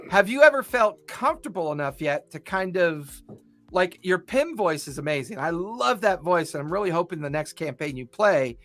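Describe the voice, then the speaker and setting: A man's voice: high-pitched, expressive, moderate pace, a bit bright. A man hosting a casual podcast, rambling and repeating his words as he talks. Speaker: podcast host.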